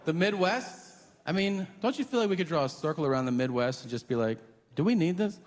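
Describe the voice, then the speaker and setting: A man's voice: fairly high pitch, fast talker. A man doing a stand-up comedy set, profane and mocking, often slipping into the voices of the people he describes. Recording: live hall recording with reverb.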